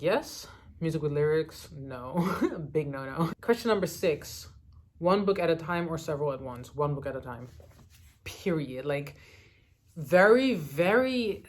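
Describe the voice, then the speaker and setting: A woman's voice: low voice, a little mellow. A young woman from the Netherlands chatting casually as a book vlogger, answering questions with lots of fillers and little laughs. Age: young adult. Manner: chatty, many "like" fillers, giggly asides. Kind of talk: casual chat answering a reading tag.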